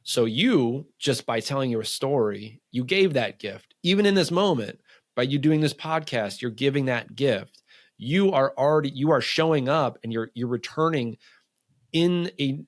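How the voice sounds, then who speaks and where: Fast-talking man in a casual podcast chat. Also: mid-range voice, dry recording, clean studio sound. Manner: fast, loose talk full of fillers, acts out quotes. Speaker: men's coach and podcast guest. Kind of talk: casual interview conversation.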